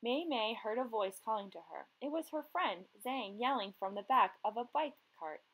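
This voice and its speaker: A woman's voice: fairly high pitch, animated, normal speed, fairly bright tone, husky, rough recording. A woman teacher reading a children's story aloud expressively, then asking young readers questions.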